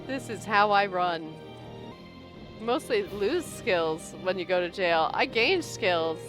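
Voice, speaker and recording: A woman's voice: medium pitch, expressive, takes it slowly. Woman game streamer, casual chatty commentary, faint music under. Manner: chatty, laughs often.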